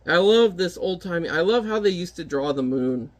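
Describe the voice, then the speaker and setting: A man's voice: high-pitched, expressive, normal speed. A man giving casual, wry commentary while reviewing an old comic book. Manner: wry, chatty, offhand remarks.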